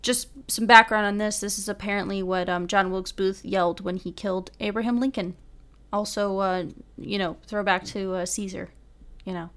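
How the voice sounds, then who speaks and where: A woman's voice: medium pitch, steady tone, fairly bright tone. A woman casually reading a list aloud, stumbling over foreign words and apologizing with a laugh. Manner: reads each item deliberately.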